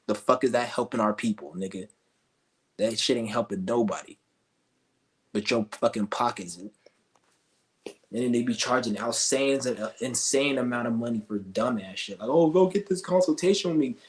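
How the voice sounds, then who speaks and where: A man's voice: mid-range voice, normal speed, long pauses. A male streamer ranting with scorn, rambling and cursing as he goes. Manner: profane, scornful, rambling rants. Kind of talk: ranting commentary.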